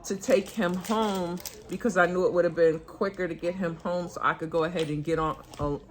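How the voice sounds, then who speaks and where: A woman's voice: on the low side, steady tone, a little fast, slight background noise. An older woman, telling a personal story in a chatty, earnest way, quoting what others said. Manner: chatty, earnest, retelling with quoted dialogue. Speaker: vlogger. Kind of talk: casual storytelling vlog.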